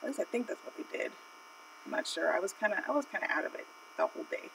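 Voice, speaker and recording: A woman tells a rambling childhood story on her art stream, dotted with "like" and "you know." Her mid-pitched voice carries some vocal fry. She sits a little back from the mic, and a faint electrical hum runs underneath. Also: wildly swooping pitch, quick pace, a bit bright, far from the mic, low-quality recording. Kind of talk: casual live-stream storytelling.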